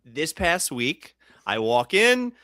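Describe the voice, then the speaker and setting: Animated, laughing male podcast host. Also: a little high, slow pace, no room sound, studio quality. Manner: animated storyteller who acts out quotes and laughs often. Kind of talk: casual comedy podcast chat.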